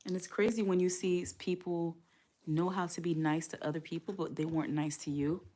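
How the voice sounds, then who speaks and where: Low, mellow woman chatting casually on a live stream. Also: little pitch movement, brisk. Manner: chatty and candid, addresses viewers as "y'all". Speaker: livestream host; parent.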